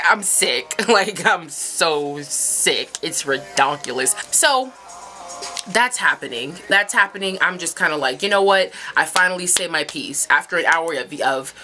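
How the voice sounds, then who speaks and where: A young woman tells a story for her vlog, with a bright, sharp voice that swings all over in pitch. She talks in a casual, profane way and jumps into sudden high yelps. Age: young adult. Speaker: vlogger.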